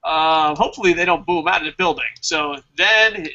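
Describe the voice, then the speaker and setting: Male host, bright, sharp voice, profane and animated, casual web show. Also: a little high, fairly quick, muffled recording. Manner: animated, profane, laughs often at his own jokes. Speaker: host of a fantasy wrestling draft show.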